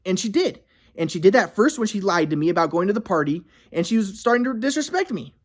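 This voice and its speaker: Animated man rambling through a story. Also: high voice, fast talker. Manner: rambling, emphatic, profane retelling. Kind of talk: casual storytelling monologue.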